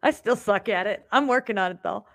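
A young adult woman hosting a casual live podcast, chatty and animated, laughing often and restarting her sentences. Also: medium pitch, fairly quick, creaky. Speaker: podcast host. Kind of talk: casual live-stream chat.

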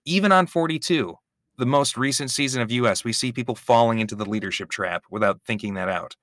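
A man's voice: mid-range voice, quick pace, fairly bright tone, no room sound, clean studio sound. A man co-hosting a podcast, chatting wryly about a reality show. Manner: chatty, wry, lots of fillers. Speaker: podcast co-host. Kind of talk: casual chat recap.

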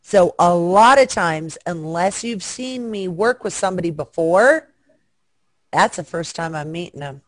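A woman's voice: on the low side, expressive, a little slow, dry recording. Frank, bawdy woman on a dry line. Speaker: guest performer. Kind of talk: casual chat. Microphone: video call.

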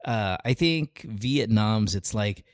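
A man co-hosting a casual talk show, reading lyrics aloud with animated swearing and laughter. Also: lowish voice, slow, no echo, studio quality. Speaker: podcast co-host.

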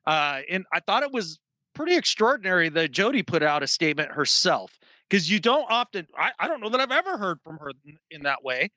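A man hosting a casual sports talk show, animated and acting out quotes in mock voices. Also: sits high, brisk, dry recording. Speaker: sports podcast host.

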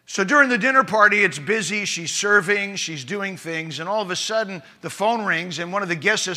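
A man's voice: high-pitched, expressive, moderate pace, bright, forceful tone. A man preaching a sermon, telling a story and reading scripture aloud, with emphatic rising lines. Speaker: pastor.

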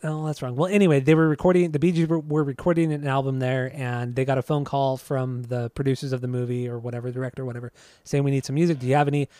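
Rambling podcast host, dry mic. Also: male voice, mid-range voice, level tone, quick pace, few pauses, warm tone, no room sound. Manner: rambling, hesitant, full of restarts. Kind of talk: casual chat.

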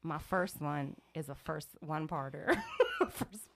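Low, slow and creaky, this podcast co-host from the Baltimore, Maryland area talks casually with her sisters. The conversation rambles, and she laughs a lot.

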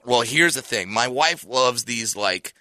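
A man's voice: medium pitch, expressive, a little slow, pushed and bright, no echo. A man in his thirties, a stand-up comedian, telling stories in casual chat and jumping into voices for the people he quotes. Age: 30s. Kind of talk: casual podcast chat with comic storytelling.

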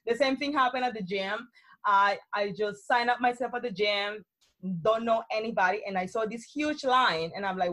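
Guest: young Colombian woman, Spanish-accented English, outgoing, animated storyteller who laughs a lot. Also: fairly high pitch, normal speed. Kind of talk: casual conversation.

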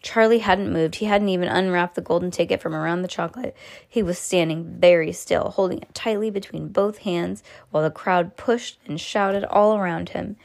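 A woman reading a children's story aloud, expressive, with small slips and restarts. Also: fairly low pitch, normal speed, gravelly. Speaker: reader to a child.

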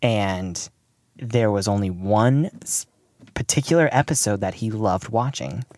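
A man's voice: on the low side, measured pace, darkish tone, no echo, studio quality. A man co-hosting a podcast in casual chat, rambling and laughing often. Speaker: podcast co-host.

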